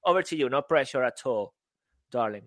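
A man co-hosting a podcast in casual banter, excitable and teasing, often laughing. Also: medium pitch, brisk. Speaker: podcast co-host.

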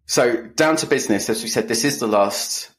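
In a casual podcast conversation, a co-host spins stories with deadpan humor aimed at himself. His voice sits in the mid range and moves at an ordinary pace.

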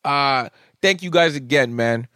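A man in his thirties hosting a podcast alone, rambling casually with lots of swearing and excitable bursts. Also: mid-range voice, normal speed, no room sound, studio quality. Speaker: podcast host. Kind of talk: casual solo podcast monologue.

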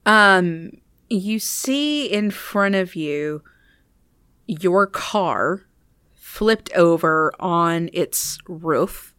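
A woman narrating a tabletop game as game master, casual with many fillers and slowing on details. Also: low voice, a bit bright, smooth, no echo, clean studio sound.

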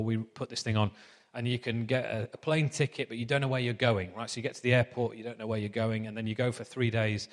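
A man in his thirties gives a casual, story-filled sermon, joking at his own expense and filling pauses with ums. His voice sits at an ordinary middle pitch and carries a long hall reverb. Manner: chatty, self-deprecating, many ums. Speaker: preacher. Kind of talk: sermon with anecdotes.

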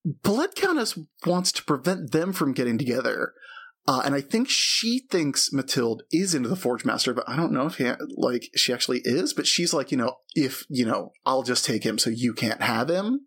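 Husky lady game master, rambly and chatty, voice swings up and down a lot. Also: a bass voice, big pitch swings, moderate pace. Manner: rambling, filler-heavy storytelling. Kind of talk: narrating a tabletop game.

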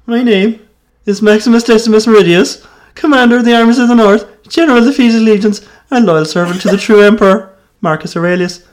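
A man's voice: high-pitched, fairly quick, close to an everyday voice. A man playing a vengeful Roman general, declaiming the speech in a put-on Cork accent. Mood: grimly proud.

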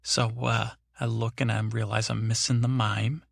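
A man's voice: medium pitch, flat delivery, moderate pace, creaky, no echo, clean studio sound. An older man hosting a podcast, telling a meandering, digressive story to help listeners fall asleep. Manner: meandering, digressive, self-talking. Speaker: podcast host. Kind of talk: slow rambling sleep storytelling.

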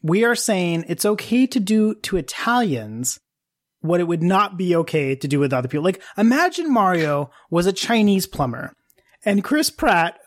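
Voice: medium pitch, very animated, normal speed. Musing, questioning podcast host. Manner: musing, questioning, long-winded. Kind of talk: casual discussion.

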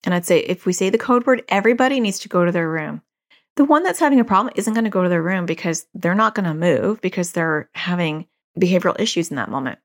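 Talking fast and animatedly in a lowish voice, a parenting coach in her forties offers casual advice on her podcast. She leans on repeated key phrases to drive her points home.

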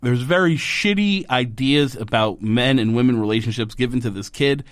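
A man co-hosting a casual podcast, recapping a TV episode in an animated way, swearing and acting out the characters' lines. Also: mid-range voice, normal speed, dry recording, studio quality. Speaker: podcast co-host.

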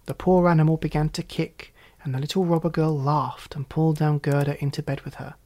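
A narrator reading a fairy tale aloud with steady, even delivery. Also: medium pitch, a little fast. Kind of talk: storybook reading.

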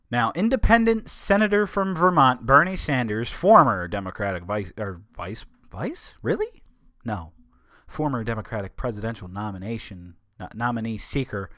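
A man's voice: fairly low pitch, sharp tone, dry recording, clean studio sound. A man hosting a solo podcast in a casual monologue, rambling, stumbling over his words and making wry asides. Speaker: podcast host.

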